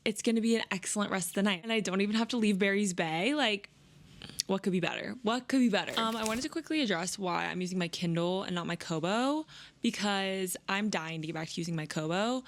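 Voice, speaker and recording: A young woman book vlogger chatting casually and gushing, with lots of filler words. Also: medium pitch. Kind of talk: casual vlog chat.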